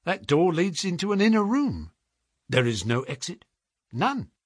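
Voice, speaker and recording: Male narrator as a jumpy young clerk in a storybook reading, raised and lively, husky. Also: high-pitched, measured pace, no echo, studio quality, voice pushed up, heavily acted. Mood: startled. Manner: eager, exclaiming.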